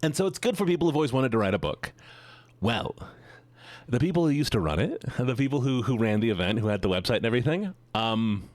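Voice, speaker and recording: A man's voice: mid-range voice, very animated, fast, dry recording. A man streaming and chatting casually with his viewers, rambling and joking as he gets sidetracked.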